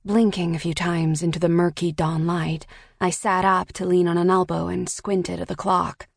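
Low, gravelly woman narrating an audiobook. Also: level tone, dry recording, clean studio sound. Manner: measured, reflective storytelling. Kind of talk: scripted first-person audiobook narration.

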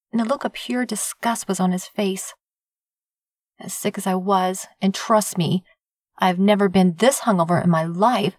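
A woman's voice: medium pitch, dry recording, clean studio sound. Wry woman narrating a romance. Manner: wry, confiding; whines and croaks her own quoted lines. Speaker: audiobook narrator. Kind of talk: first-person romance narration.

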